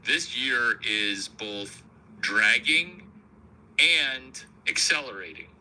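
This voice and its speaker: A comedian host works through a comic monologue slowly and deliberately, his mid-range voice pressed, forceful, expressive and sharp-edged. He's provocative and crude, frequently mocking himself, and the recording quality is low.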